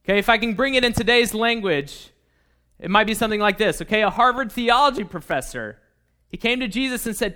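A man's voice: sits high, fairly quick, pushed and bright, clear, resonant tone. A man preaching a sermon in a conversational way, checking in with the listeners often. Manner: conversational, with frequent "okay?" and "right?".

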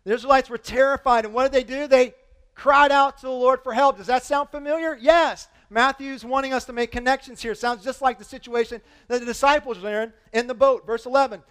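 Bright-voiced preacher asking rhetorical questions. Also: male voice, very high voice, brisk, smooth. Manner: animated, asks many rhetorical questions. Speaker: pastor. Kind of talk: sermon.

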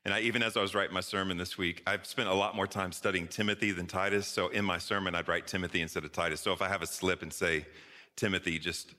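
A man preaching a sermon with an easy, conversational warmth and playful asides. His lowish voice has a bright, forceful edge. It rings out through a large church hall with a long reverb tail. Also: steady tone, fast talker. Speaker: pastor. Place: church sanctuary.

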